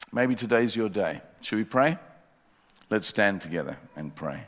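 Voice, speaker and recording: A man preaching a sermon in a church, earnestly inviting listeners and leading them in a quiet prayer. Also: lowish voice, animated, moderate pace, big-room sound. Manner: earnest, pleading, drops to a soft hush in prayer. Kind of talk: sermon with altar call prayer. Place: church sanctuary.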